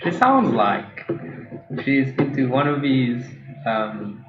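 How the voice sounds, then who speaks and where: A man's voice: medium pitch, very animated, slow pace, echoey room, lo-fi sound. A man hosting a casual reaction video, sarcastic and swearing freely as he mocks clips. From Mauritius. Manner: sarcastic, swears freely, switches between English and French. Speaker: host reviewing TikTok clips.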